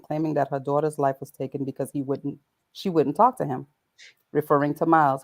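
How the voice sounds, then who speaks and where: Low-voiced woman co-hosting a chatty podcast. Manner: laughs often, riffs on the headlines she reads. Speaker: podcast co-host reading news stories. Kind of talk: casual chat.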